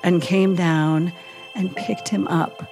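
A woman chaplain telling a vivid story in a casual podcast chat, animated and full of "like" and "you know". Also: lowish voice, takes it slowly, soft background music.

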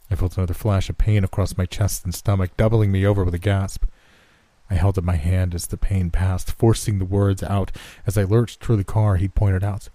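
A man reads a first-person horror story in a measured, tense way. His voice is very low and dark. The recording is close and dry, with no room echo. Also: fairly even intonation. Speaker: narrator.

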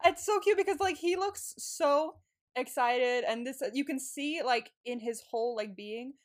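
A woman co-hosting a podcast in casual chat, excitable, laughing often and swearing casually. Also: sits high, a little slow. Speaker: podcast co-host.

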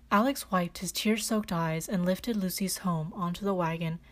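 A woman reading a children's storybook aloud as narrator, calm and even. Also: fairly low pitch, normal speed, hardly any pauses.

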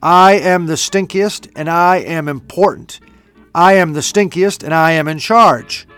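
A pompous stink bug barks his rules in a loud, self-important storybook voice, as a man puts him on. He sounds pitched a little high, with faint music underneath. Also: unhurried, clear, resonant tone. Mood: bossy. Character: pompous bossy male stink bug leader.

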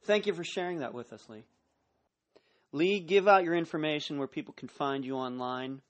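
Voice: mid-range voice, normal speed. Radio host guiding a guest interview, short encouraging prompts. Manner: brief supportive prompts.

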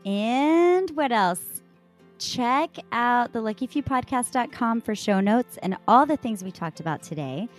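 A woman's voice: fairly high pitch, unhurried, soft background music. A woman co-hosting a podcast, reading a sponsor message and chatting casually. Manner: reads a sponsor ad in a steady, warm tone. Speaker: podcast co-host. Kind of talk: casual chat and read ad.

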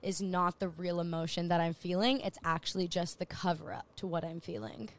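A woman's voice: on the low side, fairly even intonation, brisk. A young woman talking earnestly and reflectively in a casual podcast chat, sharing advice.

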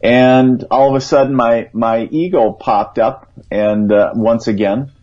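A man with a mid-range, darkish voice, fairly even intonation and a measured pace tells an earnest, rambling story as a guest psychic on a call-in radio show. He quotes his own thoughts aloud in a conversational way, and the recording sounds dull and lo-fi.

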